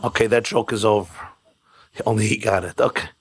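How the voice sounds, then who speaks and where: A man's voice: lowish voice, fairly even intonation, brisk, breathy edge. A man, a rabbi, giving a keynote sermon at a home event, mixing jokes with storytelling in short, punchy repeated phrases. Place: private home event with live audience.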